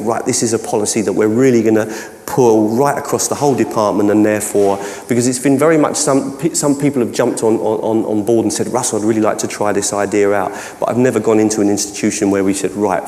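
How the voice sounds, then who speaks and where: A man's voice: on the low side, mellow. A man with a Cockney accent, a keynote speaker, answering audience questions at length with many restarts and hedges, recorded in a large conference hall. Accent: London Cockney. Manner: rambling, frequent restarts and hedges. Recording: echoey hall, long reverb.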